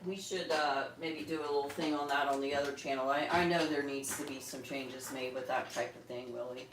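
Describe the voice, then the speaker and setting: A woman's voice: steady tone, a little fast. Chatty woman livestreaming from an echoey room. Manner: chatty, answers viewers by name; coos at her birds in a high coaxing voice. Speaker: livestream host with pet birds. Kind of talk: casual livestream chat. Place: at home. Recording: echoey room, far from mic, noisy.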